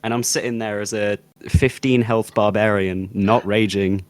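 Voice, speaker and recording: A British man co-hosts a casual chat show, slightly low-pitched and talking in loose, rambling runs. He laughs a lot and leans on sarcasm. The sound is close and dry. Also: steady tone, moderate pace, dry recording. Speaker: podcast co-host.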